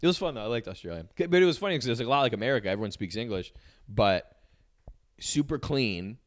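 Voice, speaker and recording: A man co-hosting a podcast, trading quick joking banter in casual comedic chat. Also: medium pitch, lively intonation. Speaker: podcast co-host.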